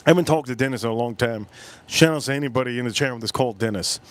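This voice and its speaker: A man's voice: mid-range voice, rapid-fire. American dude on a livestream, rambling crude banter w/ chat, sipping drinks as he goes. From United States. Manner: drinking on stream between lines. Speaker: livestream host.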